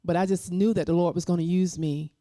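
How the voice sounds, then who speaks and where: A woman guest and minister on a talk show, speaking slowly and reflectively about faith. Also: fairly low pitch, steady tone, warm tone, no echo, studio quality. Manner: faith-filled, slow and reflective.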